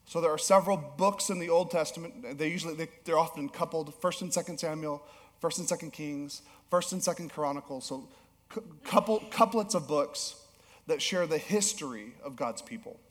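A male pastor preaching a sermon, telling a story with animated swings between emphatic peaks and low, soft passages. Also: normal speed. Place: church auditorium. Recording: long hall reverb.

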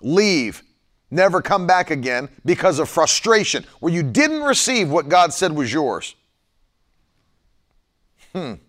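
A man with a fairly high voice preaching on a live broadcast. He drives points home by repeating them and drawing out the key words. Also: sing-song, slow, long pauses, fairly bright tone. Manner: repeats lines for emphasis, stretches key words. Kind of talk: sermon.

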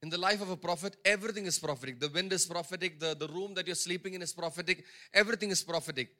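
A man preaching a sermon with a high, bright and forceful voice. He hammers his points home by repeating phrases. He voices the people in the story himself. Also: rapid-fire. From India. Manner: emphatic, repeats phrases for stress; acts out characters' words in his own voice. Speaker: pastor.

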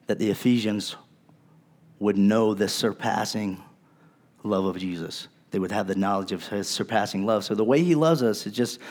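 A man's voice: on the low side, a little mellow. A male pastor preaching a sermon in a conversational, earnest way, with casual asides to his congregation.

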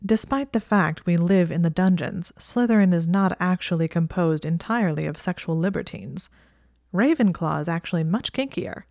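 A woman's voice: lowish voice, normal speed, vocal fry, darkish tone, no echo, clean studio sound. A woman voicing an exasperated young male wizard with a wry, sardonic manner.

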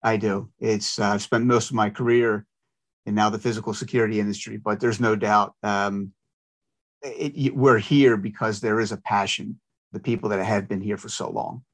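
A man's voice: on the low side, fairly even intonation, moderate pace. Male interview guest, conversational. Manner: conversational, with fillers. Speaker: guest, security industry professional. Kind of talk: casual interview chat.

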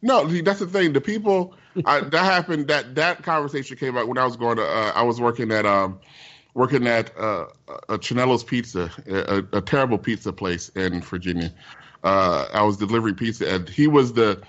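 A man's voice: medium pitch, fairly quick, a bit bright, lo-fi sound. Man rambling emphatically, with many restarts. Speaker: podcast co-host. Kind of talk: casual group chat.

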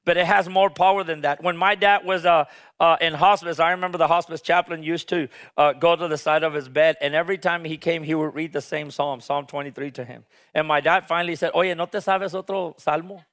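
Pastor guy preaching hard, bright smooth voice, keeps telling the crowd to say it back. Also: on the high side, fairly even intonation, brisk. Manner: call-and-response preaching, urging the congregation to repeat; passionate, rises to emphatic peaks. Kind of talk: sermon.

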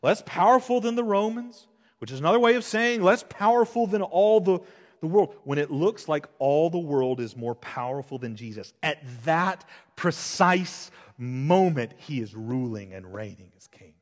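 A man preaching an expository sermon as pastor, shifting between loud emphasis and hushed, intense passages. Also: a little high, expressive, moderate pace. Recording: long hall reverb.

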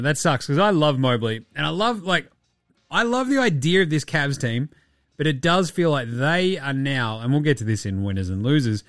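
A man's voice: mid-range voice, dry recording, studio quality. An Australian man hosting a basketball podcast, rambling through casual chat with sarcasm and plenty of swearing. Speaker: podcast host.

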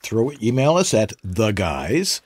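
A man's voice: lowish voice, big pitch swings, slow pace, slight background noise. A man co-hosting a casual tech show, reading listener questions with wry, jokey asides.

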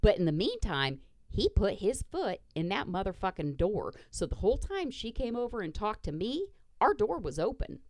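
A woman's voice: mid-range voice, big pitch swings, normal speed, hardly any pauses, a little mellow, dry recording. A woman podcast host casually retelling a story, blunt and profane, acting out the dialogue.

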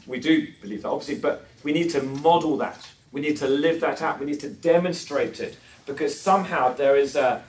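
A man's voice: a little high, brisk, hardly any pauses, roomy sound. Man preaching, mic set back. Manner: storytelling, self-deprecating humour, asks the crowd questions. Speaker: conference speaker. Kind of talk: preaching talk to a live audience. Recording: distant mic with faint noise.

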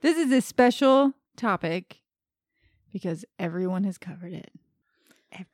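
A woman co-hosting a podcast in casual chat, teasing and quick with jokes. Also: mid-range voice, lively intonation, a little mellow, no echo, clean studio sound.

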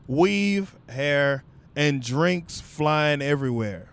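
A man's voice: on the high side, animated, takes it slowly, fairly bright tone. A young man vlogger telling a comic story in loose, profane, conversational talk.

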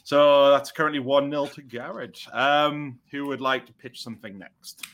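A man hosting a casual podcast, easygoing and quick to laugh as he scores the pitches. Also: fairly even intonation, a bit bright. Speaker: podcast host judging pitches.

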